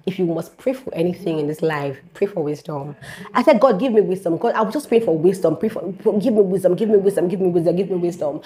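A young woman telling her faith testimony to camera in a lively, repetitive storytelling way, speaking straight to her viewers. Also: lowish voice, fast talker. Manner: animated storytelling, repeats phrases, speaks directly to viewers. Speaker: vlogger sharing a faith testimony.

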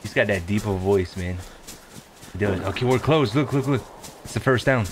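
A man's voice: fairly low pitch, normal speed, a little hiss or hum. A man chatting casually with a friend while gaming, laid-back and swearing freely. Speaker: gamer.

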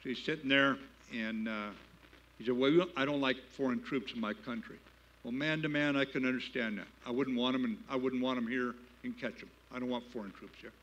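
Older male keynote speaker, mid-pitched, folksy storyteller, slightly dull lo-fi sound. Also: steady tone, a little fast, a bit bright. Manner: plain-spoken, folksy, building to emphatic patriotic appeals. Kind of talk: storytelling speech. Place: gala banquet hall.

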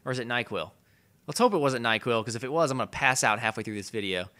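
A young man with a hoarse voice from a cold, rambling and swearing casually through his video game commentary. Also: medium pitch, fast, bright, forceful tone. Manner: rambling, profane, laughs at himself. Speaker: let's play host.

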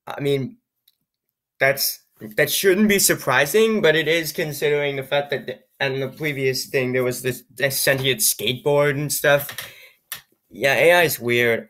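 A man's voice: mid-range voice, fairly even intonation, a little slow, fairly bright tone. A man reading an AI-written story aloud and breaking off for wry, amused comic asides. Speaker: reader and commentator.

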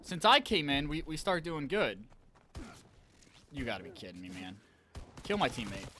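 A young man giving excitable live commentary on an online shooter match, talking to his viewers and trash-talking as he plays. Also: on the high side, moderate pace, slight background noise. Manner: excitable, talks to viewers, trash-talks while playing. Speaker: gaming channel host.

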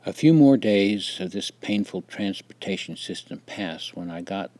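Older Wisconsin man, memoir reader, mellow and reflective delivery. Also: deep voice, animated, a little slow. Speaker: memoir narrator. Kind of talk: reading a personal memoir.

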